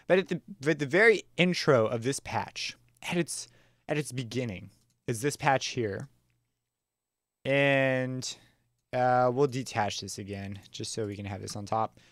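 A man walks through a music production tutorial in a smooth, resonant voice, recorded close and dry with no room sound. He talks in a relaxed, enthusiastic way, throwing in slang, fillers and quick self-corrections. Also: medium pitch, no echo. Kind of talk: casual screen-recorded software tutorial.

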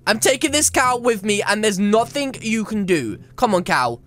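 A woman's voice: mid-range voice, lively intonation, moderate pace, few pauses, fairly bright tone. A woman making a gameplay video, narrating with dramatic commentary, scolding other players and letting out yelps and shrieks.

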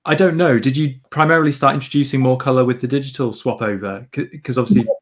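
A man's voice: mid-range voice, steady tone, fast. A man co-hosting an interview, agreeing with his guest and moving the conversation along with tag questions. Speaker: podcast co-host. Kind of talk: casual interview chat.

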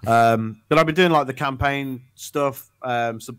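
A man co-hosts a gaming podcast, chatting casually and rambling with plenty of ums and restarts. His mid-range voice is clear and resonant, a bit bright, and a little slow.

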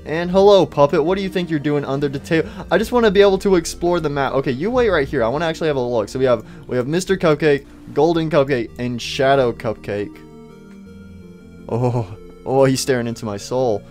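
A man's voice: a little high, a little mellow, soft background music. Playful young man narrating his gameplay. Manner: playful, teasing the characters, quick jumpy asides. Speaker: gaming YouTuber. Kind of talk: casual let's-play commentary.

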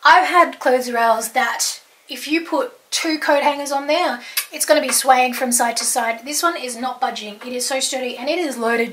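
A woman's voice: high-pitched, a bit bright, slight background noise. A young Australian woman with an Australian accent giving a chatty, enthusiastic tour of her home closet, with lots of "like" and "um". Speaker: home and lifestyle vlogger. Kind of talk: casual wardrobe tour chat.

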